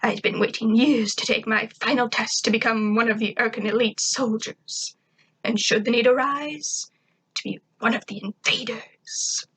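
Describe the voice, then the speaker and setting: A woman's voice: fairly high pitch, fairly even intonation, normal speed, a bit bright, husky, poor audio. A woman voicing a scheming female alien soldier who speaks coldly and with scorn. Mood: scornful. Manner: cold, scornful.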